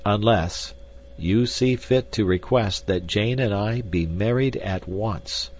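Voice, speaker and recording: A man reading an audiobook, voicing an earnest, insistent male suitor who speaks deliberately. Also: lowish voice, lively intonation, darkish tone, slight background noise, voice pushed up. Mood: persuasive.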